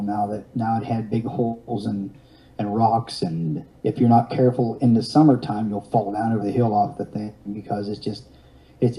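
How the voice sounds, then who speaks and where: A man in his fifties with a fairly low, warm voice tells a long personal story in an interview, captured on a rough recording. He rambles along, restarting sentences and using wry, self-mocking humor.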